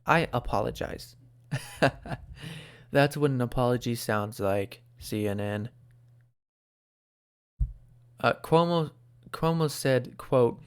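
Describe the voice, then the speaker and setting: A man hosting an opinionated commentary show, animated and sarcastic, talking close to the microphone. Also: medium pitch, slow, clean tone. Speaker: host.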